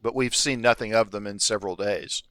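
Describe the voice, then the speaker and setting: A man's voice: fairly low pitch, steady tone, brisk, a bit bright, no echo, lightly acted. A man voicing a stately kobold queen. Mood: formal. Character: stern female kobold queen.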